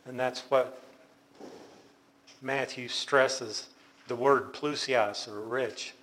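Man, Bible study teacher, explanatory, unhurried, restarts sentences, mid-pitched voice. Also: steady tone, a bit bright, a little hiss or hum.

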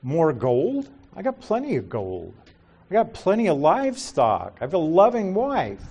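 A preacher acting out an old man who has everything but an heir. He questions God in a bitter, emphatic voice that climbs high on his questions. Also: wildly swooping pitch, moderate pace, darkish tone, slightly rough, dull audio, full character voice.

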